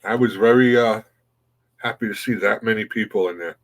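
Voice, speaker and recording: Laid-back low-voiced man. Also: a little fast, low-quality recording. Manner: relaxed, greets chatters by name, trails off. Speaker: livestream host. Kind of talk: casual chat reading viewer comments.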